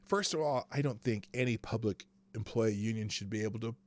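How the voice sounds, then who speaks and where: A man with a lowish voice hosts a live news commentary stream, talking fairly quickly. He rants sarcastically, swears freely, and laughs between sentences.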